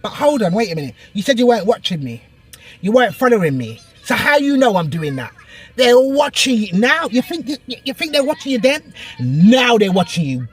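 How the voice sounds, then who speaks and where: A woman preaching into her phone camera, emphatic and excitable. She hammers her points home through repetition, in a voice of middling pitch. Soft music plays faintly behind her. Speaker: online preacher. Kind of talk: impassioned prophetic encouragement vlog. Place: out and about, in a shop and a car.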